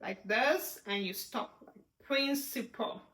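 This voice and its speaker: A woman's voice: a little high, takes it slowly, a bit bright, echoey room. A young woman teaching a beginner sign language lesson, upbeat and careful, repeating each word as she explains it.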